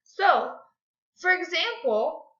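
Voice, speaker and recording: A bright, high woman's voice leads a young class through phonics, slow and sing-song as she claps out syllables. The recording is dull and lo-fi, with an echoey room around her. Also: big pitch swings. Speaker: second grade teacher. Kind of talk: classroom grammar and phonics lesson.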